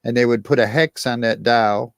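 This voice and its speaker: A man's voice: mid-range voice, steady tone, moderate pace, creaky, no room sound. A man co-hosting a casual live-stream interview, asking leading questions and explaining at length. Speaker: co-host interviewer.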